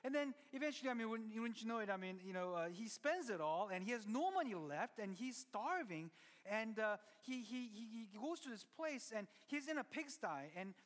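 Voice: medium pitch, expressive, normal speed. A pastor preaching a sermon in a conversational way, often restarting sentences and turning to the listeners with asides. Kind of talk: sermon storytelling. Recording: long reverb of a large hall.

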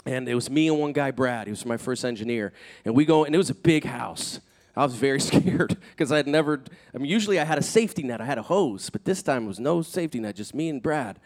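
A man preaching a sermon, telling a personal story in an earnest, animated way that builds in intensity. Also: medium pitch, fast talker. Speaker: pastor.

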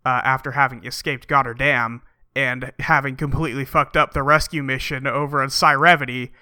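Bright wry-voiced podcast man. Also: mid-range voice, fairly quick, no room sound, clean studio sound. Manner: wry, deadpan jokes. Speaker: podcast co-host. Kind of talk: casual comedic chat.

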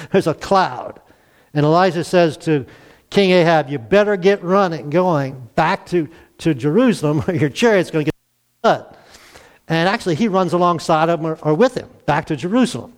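A middle-aged male pastor retelling a Bible story in a folksy, animated sermon, acting out the quoted voices with chuckles. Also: a little high.

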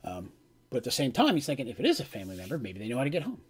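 Husky male game master, relaxed and rambling, narrates a fantasy game on stream. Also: medium pitch, very fast.

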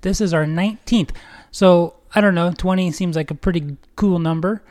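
A man co-hosting a casual faith podcast, upbeat and quick to laugh, often repeating words as he talks. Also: high-pitched, a little mellow. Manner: upbeat, stumbling, laughs easily. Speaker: podcast co-host.

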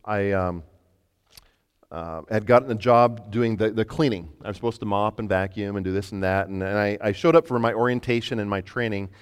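A man preaching a sermon as pastor, telling a story with halting starts and repeated words. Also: on the low side, steady tone, clear, resonant tone. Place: church sanctuary. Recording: long hall reverb.

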